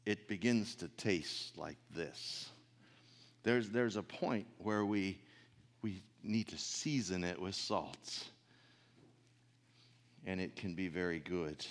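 A man preaching a sermon in a folksy, conversational way, swelling louder on his key points and often clearing his throat. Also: sits low, takes it slowly, long pauses.

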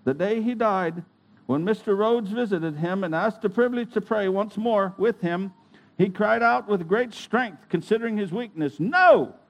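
A man reading a religious account aloud in a measured, deliberate way, with an occasional slip. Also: sits high. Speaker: reader.

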